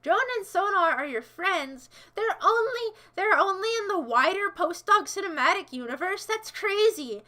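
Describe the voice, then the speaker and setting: A woman's voice: very high-pitched, lively intonation, normal speed, hardly any pauses, bright, forceful tone. A woman livestreaming in a casual chat, answering her viewers in a playful, goofy way that jumps between silly voices and asides.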